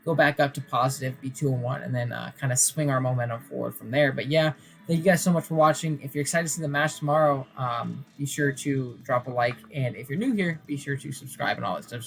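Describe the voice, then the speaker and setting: A man's voice: medium pitch, brisk, vocal fry, a bit bright. A tired man talking casually about his game plan late at night, mumbling and rambling with lots of fillers. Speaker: competitive player and channel host. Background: faint background music.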